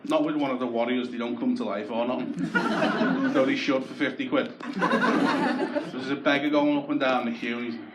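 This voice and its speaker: A man's voice: mid-range voice, normal speed, noisy background. A young man from Liverpool with a Scouse accent, doing a wry, self-deprecating, sweary stand-up comedy set. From Croxteth, Liverpool, England. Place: comedy club stage. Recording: echoey club with loud audience laughter.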